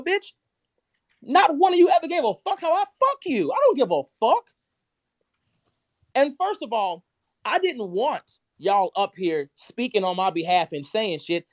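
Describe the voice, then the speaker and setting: A man hosting a live stream, ranting angrily and cursing constantly, his loudness jumping up and down. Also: very high-pitched, very animated, moderate pace, dry recording, dull audio. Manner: heated, profane, cursing constantly; shifts abruptly between loud and quiet. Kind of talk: angry rant on a live stream.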